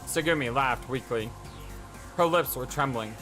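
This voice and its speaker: Excitable lets play guy reading a visual novel, stammers a lot, bouncy pitch. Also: moderate pace, faint music behind. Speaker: let's play host.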